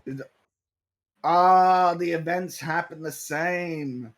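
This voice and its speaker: A man's voice: a little high, slow. A man guest on a movie watch-along, giving rambling, joking commentary in casual chat.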